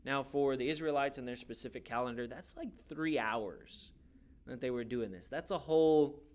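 A man's voice: medium pitch, moderate pace, darkish tone. A man teaching a youth Bible class in a casual, joking way, asking the class questions as he goes.

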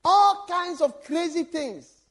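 Brief: man, bishop giving a sermon, very high pitch, swinging lively delivery, laughs and shouts to land points. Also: slow. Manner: animated, laughs and shouts for emphasis. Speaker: bishop preaching.

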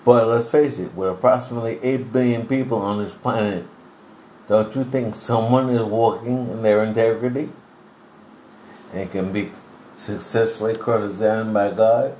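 A man giving a devotional sermon in an earnest, deliberate preaching manner, clearing his throat now and then. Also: lowish voice, fairly even intonation, a little mellow. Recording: roomy echo, faint background hiss.

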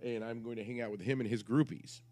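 A man's voice: mid-range voice, fairly even intonation, fast talker, warm tone. A man on a podcast, telling a rambling, crude story in casual chat and interrupting himself as he goes. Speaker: podcast co-host.

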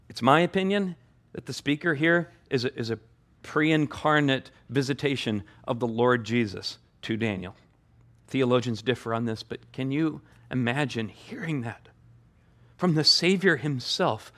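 A man's voice: mid-range voice, a little slow, fairly bright tone. A male pastor preaching a sermon, repeating key phrases for emphasis.

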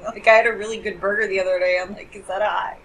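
A woman's voice: mid-range voice, little pitch movement, rapid-fire, crowd noise, poor audio. A woman co-hosting a podcast, chatting casually and laughing often as she reacts. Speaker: podcast co-host.

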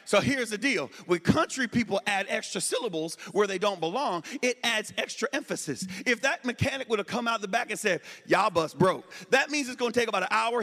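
High, bright-voiced man doing stand-up. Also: long reverb tail. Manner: animated, shouts punchlines, drawls quoted voices. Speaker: stand-up comedian. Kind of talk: stand-up storytelling.

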